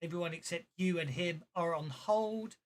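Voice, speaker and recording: A game master narrating a tabletop game, halting often and laughing. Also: mid-range voice.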